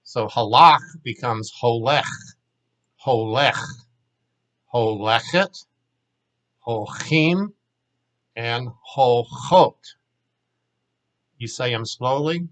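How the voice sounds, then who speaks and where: A man's voice: mid-range voice, very slow, pauses often, fairly bright tone, low-quality recording. A man teaching a language lesson, patiently walking learners through verb forms and repeating each word for them. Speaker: Hebrew teacher.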